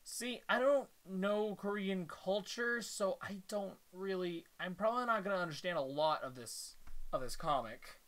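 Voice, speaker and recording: A man's voice: sits high, fairly bright tone. A man reading a comic aloud for a reaction video, stopping often to comment and laugh. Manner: reads aloud haltingly, breaks off to react and laugh.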